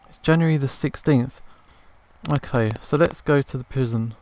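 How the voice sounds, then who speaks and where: A man talking through a game in casual commentary at a middling pitch. He thinks aloud as he goes, often restarting and trailing off. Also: normal speed, a little mellow. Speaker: gamer. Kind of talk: casual let's play commentary.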